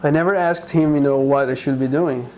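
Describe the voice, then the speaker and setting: A man from Brazil, a guest in an interview, speaking earnestly and haltingly, with frequent restarts. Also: mid-range voice, fairly even intonation, a little mellow, slight background noise, low-quality recording. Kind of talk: conversational interview.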